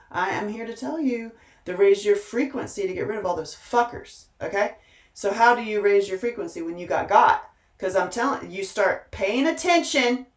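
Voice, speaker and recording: A woman's voice: medium pitch, roomy sound, recorded from a distance. A woman giving an impassioned, profane pep talk straight to her listeners, preachy and emphatic, repeating words for emphasis. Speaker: motivational speaker and host.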